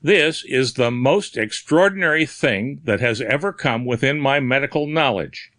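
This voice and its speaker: A man voicing a gruff, stubborn older doctor who speaks in brusque, emphatic bursts, raised above his own voice. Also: mid-range voice, lively intonation, moderate pace, a bit bright, dry recording, clean studio sound, voice pushed up, lightly acted. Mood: grave.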